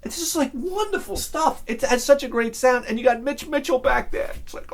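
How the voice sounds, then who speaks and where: A man hosting his own channel, telling a rambling, excitable story in a casual monologue and swearing freely. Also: extremely high pitch, normal speed, few pauses. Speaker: channel host.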